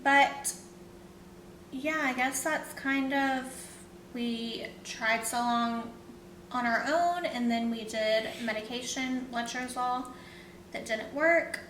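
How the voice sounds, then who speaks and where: A woman's voice: takes it slowly, a bit bright. A young woman, a vlogger, casually telling a personal story in a rambling, emotional way with many fillers. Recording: roomy echo, faint rumble.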